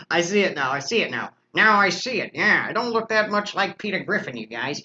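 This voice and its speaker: A man chats casually on a live stream, joking at his own expense with quick asides. His voice is bright and his pitch moves around a lot. The audio is dull and lo-fi, like a muffled stream. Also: very animated. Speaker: host.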